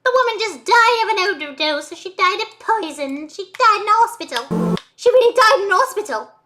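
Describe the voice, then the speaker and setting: A woman voicing a theatrical posh woman in a British accent, with high, swooping, melodramatic exclamations. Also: lively intonation, a little fast, bright, forceful tone, full character voice.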